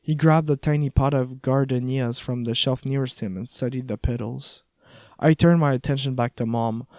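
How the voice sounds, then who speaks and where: Guy narrating an audiobook, wry and chatty, warm mellow voice, dry close recording. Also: medium pitch, steady tone, moderate pace, no echo. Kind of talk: first-person audiobook narration.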